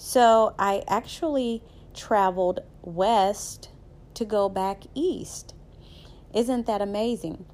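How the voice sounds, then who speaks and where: A woman's voice: medium pitch, slow pace, a little mellow. A woman with a Southern US accent, hosting a podcast and telling personal stories in a chatty, faith-based motivational talk, often checking in with the listener. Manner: chatty storytelling, often asks "right?". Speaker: podcast host.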